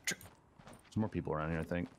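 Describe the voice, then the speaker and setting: A man's voice: deep voice, fairly even intonation, normal speed. A man in casual gaming chat, calling out enemy positions and reassuring his teammates. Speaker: streamer and squad member.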